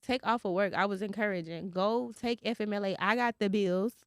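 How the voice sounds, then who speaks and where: A woman's voice: mid-range voice, steady tone, a little fast, clean tone, no echo. Young woman podcast host. Candid, profane, emotional storyteller, dry close mic. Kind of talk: casual podcast chat.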